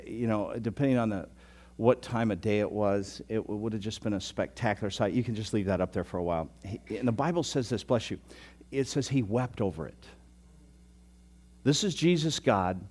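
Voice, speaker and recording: A man's voice: medium pitch, a little mellow. Middle-aged male pastor, easygoing sermon delivery, builds to fervent emphasis. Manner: conversational, self-deprecating, rising to emphatic preaching.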